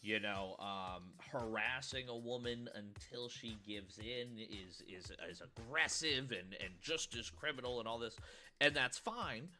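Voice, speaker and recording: Reaction host, male, bright voice, rambling casual commentary, soft music under him. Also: mid-range voice, a little slow. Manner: rambling, repeats words, laughs often.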